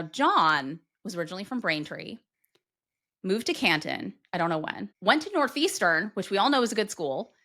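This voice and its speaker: Bright-voiced woman podcast co-host. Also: medium pitch. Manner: chatty, explains background at length. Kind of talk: casual chat.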